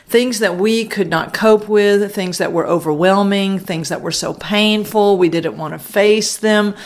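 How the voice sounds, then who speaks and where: A woman podcast host giving an earnest devotional teaching, stressing key phrases and slowing down for emphasis. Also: mid-range voice. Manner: earnest, emphatic preaching with slowed, drawn-out phrases.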